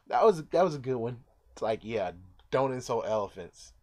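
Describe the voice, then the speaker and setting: A man's voice: mid-range voice, lively intonation, normal speed, a little mellow. A man casually recapping a movie in a rambling way, now and then acting out the characters' lines. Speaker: movie reviewer.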